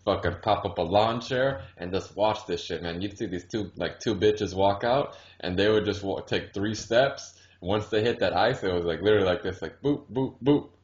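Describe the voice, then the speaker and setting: A man's voice: sits low, a little fast, few pauses. A man telling stories in a laid-back, profane, casual way on a podcast. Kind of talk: casual chat. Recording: dull, roomy lo-fi recording.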